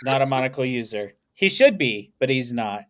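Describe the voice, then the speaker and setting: A man's voice: mid-range voice, big pitch swings, normal speed, fairly bright tone. A man co-hosting a podcast in casual chat, jokey and wordy with a mock-pompous streak. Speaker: podcast co-host.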